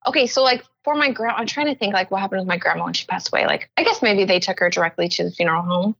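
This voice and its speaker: A woman's voice: mid-range voice, very fast, vocal fry, a bit bright, breathy edge, no room sound. A woman co-hosting a podcast in casual chat, rambling and filling her talk with "like". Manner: rambling, leans heavily on "like". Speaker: podcast co-host. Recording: dull, lo-fi sound.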